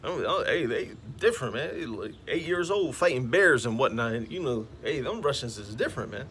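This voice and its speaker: A man's voice: medium pitch, animated, a little fast, a bit bright. A man street preaching in a slangy, emphatic way, peppering his talk with "man, all right?" outdoors beside passing traffic.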